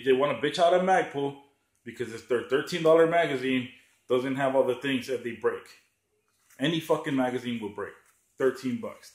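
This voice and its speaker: In an echoey room, a gun channel vlogger with a medium-pitched, darkish man's voice rants through a profane, sarcastic vlog. He's heated and swears a lot, often mocking others by raising his voice.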